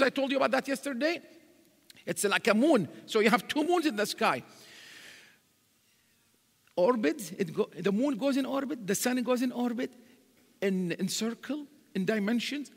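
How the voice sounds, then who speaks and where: High, husky-voiced man preaching. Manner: animated storytelling, quotes Arabic verses. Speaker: religious speaker. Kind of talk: live sermon. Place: large mosque hall. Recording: reverberant hall.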